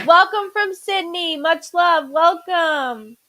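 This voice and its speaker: A woman's voice: very high-pitched, lively intonation, slow pace, sharp tone, rough recording. A woman hosting a live psychic-reading stream from home, chatty and repeating viewers' names, stumbling over her words now and then. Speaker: psychic medium host.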